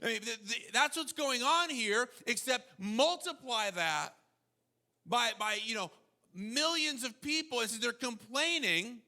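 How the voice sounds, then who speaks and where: A man preaching a sermon as pastor, animated, slipping into mocking quoted voices. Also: very high-pitched, unhurried, gravelly.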